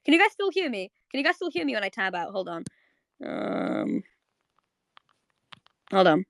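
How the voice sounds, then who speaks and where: A young woman hosting a live audio chat on a home mic, rambling in quick bursts with lots of fillers and repeats. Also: mid-range voice, big pitch swings, gravelly, a bit bright, dry recording, studio quality. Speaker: host of a live audio space. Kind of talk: casual live chat to listeners.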